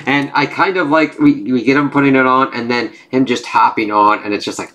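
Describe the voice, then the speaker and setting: Brief: casual, swearing male comic reviewer, average pitch. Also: fairly even intonation, fairly quick, hardly any pauses, fairly bright tone. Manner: casual and profane, reads out panels.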